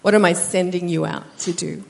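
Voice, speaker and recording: A woman from Australia with an Australian accent, a guest speaker explaining her mission work in a measured, thoughtful way in church. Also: lowish voice, steady tone, vocal fry, a little mellow, a little hiss or hum. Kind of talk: church interview. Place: church sanctuary.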